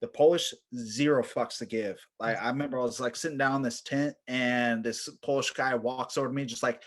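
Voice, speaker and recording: A man's voice: mid-range voice, fairly even intonation, brisk. Swearing, rambling man telling war stories. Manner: rambling, swears freely, heavy fillers. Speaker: podcast guest, military veteran. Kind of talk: casual storytelling.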